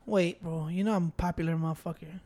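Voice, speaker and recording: Fast-talking man ranting with jokes. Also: a little high, fairly even intonation, mellow. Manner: brisk, profane joking rants. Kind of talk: casual chat.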